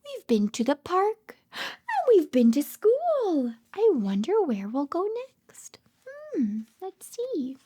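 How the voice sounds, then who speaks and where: Very high-pitched, sing-song woman reading to toddlers. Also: takes it slowly. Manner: animated sing-song with frequent gasps and hushed asides. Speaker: speech therapist. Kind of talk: children's picture-book read-aloud.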